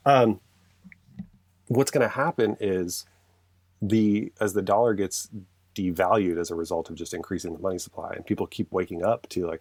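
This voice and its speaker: In a relaxed chat, a man with a deep, low voice argues earnestly and passionately, rambling and correcting himself along the way. He talks at normal speed with a slightly rough sound, recorded close and dry with no echo.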